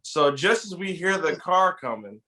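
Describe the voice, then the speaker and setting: A man casually telling a story from his youth to a friend, animated and acting out the lines he quotes. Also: sits high, moderate pace. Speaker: podcast co-host telling a story.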